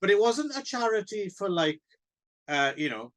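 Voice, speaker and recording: A man's voice: high voice, big pitch swings, normal speed, fairly bright tone. A man co-hosting a book podcast in casual chat, wry and chatty. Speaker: podcast co-host.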